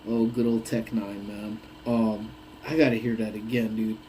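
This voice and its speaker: A man hosting a casual live chat on his lunch break, telling stories with big swings from low mutters to high exclamations. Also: little pitch movement, moderate pace, mellow, slight background noise, poor audio. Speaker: live stream host. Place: parked car on a lunch break.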